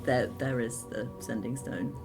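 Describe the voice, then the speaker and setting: A woman's voice: rumbling low, fairly even intonation, unhurried, over music, rough recording. A woman playing a tabletop game, hesitant and listing things with many ums. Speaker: player. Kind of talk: tabletop role-play, casual chat.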